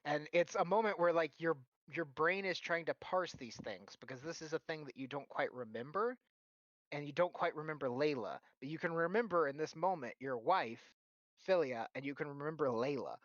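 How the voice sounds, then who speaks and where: Man narrating a tabletop game, halting. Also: fairly high pitch, a bit bright, no echo. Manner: halting, many fillers and restarts. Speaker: game master. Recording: dull lo-fi sound.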